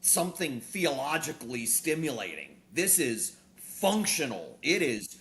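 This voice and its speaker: A man's voice: mid-range voice, a little slow. A male pastor and author, a guest on a talk show, preaching in a conversational way and telling illustrations with vivid acted-out dialogue and emphatic rises on key points. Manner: animated storyteller who acts out quoted dialogue.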